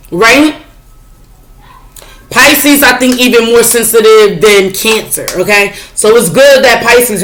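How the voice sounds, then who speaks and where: A woman's voice: fairly high pitch, a bit bright. A woman tarot reader in casual spiritual talk to her viewers, frank and chatty, swearing freely and often asking if you follow her. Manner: chatty, frank, swears freely, asks "you know what I'm saying?".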